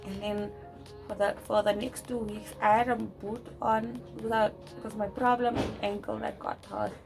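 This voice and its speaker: A young woman telling a personal story to camera, talking loud and fast with many restarts. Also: mid-range voice, animated, over music, poor audio. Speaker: vlogger.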